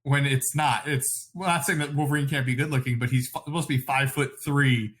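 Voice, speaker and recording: A man co-hosting a casual podcast chat, giving blunt opinions and quick apologetic asides. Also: medium pitch, fairly even intonation, a bit bright. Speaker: podcast co-host.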